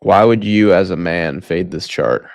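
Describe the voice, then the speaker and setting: A man's voice: low voice, a little slow, a little mellow, no room sound. A man co-hosting a casual crypto market stream, talking emphatically in slangy chat and calling the others bro. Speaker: crypto market show co-host.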